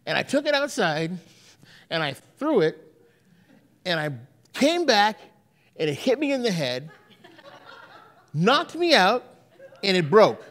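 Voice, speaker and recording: Man, pastor, sermon in church; high, animated voice, storytelling delivery full of restarts. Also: big-room sound. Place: church sanctuary.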